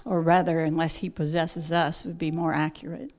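A woman preaching a sermon, emphatic and unhurried, with soft quiet asides. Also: low-pitched, level tone.

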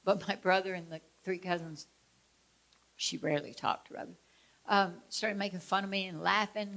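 A woman lecturing on traumatic memory, weaving in a story from her own life. Her pitch sits in an ordinary middle range, and she tells the story expressively. She swings between loud emphasis and quiet, hushed passages. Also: fairly even intonation, normal speed, creaky. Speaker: speaker teaching about traumatic memory. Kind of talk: personal story within a lecture.

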